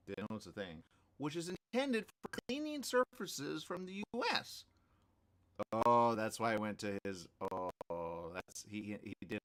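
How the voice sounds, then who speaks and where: Male radio host, reading news aloud, joking, lively swooping pitch, repeats himself, laughs often. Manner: animated, laughing, repeats phrases. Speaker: radio morning show host.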